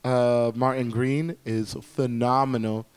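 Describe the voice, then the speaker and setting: A man's voice: medium pitch, little pitch movement, takes it slowly, smooth. A man chatting casually as a guest on a podcast, enthusiastic and rambling with lots of fillers. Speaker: guest reviewer.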